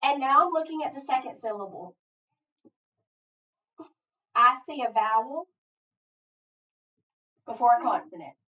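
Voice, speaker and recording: A woman's voice: sits high, expressive, measured pace, long pauses, sharp tone. Patient woman teacher, echoey distant room. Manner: patient, prompts listeners to finish her sentences; thinks aloud step by step. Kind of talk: phonics lesson. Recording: echoey, distant, dull sound.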